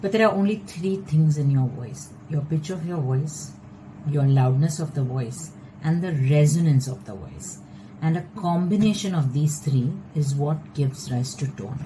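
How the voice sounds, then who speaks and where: A woman vocal coach teaching a lesson, explaining in a measured, patient way. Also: deep voice, animated, a little hiss or hum, rough recording.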